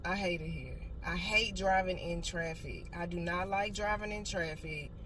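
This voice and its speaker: A woman's voice: on the low side, normal speed. A woman chatting casually to viewers in her vlog, cursing and laughing as she goes. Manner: profane, laughing, talks to viewers as y'all. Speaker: vlogger. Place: car and on the go. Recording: loud car and road noise. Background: vehicle noise.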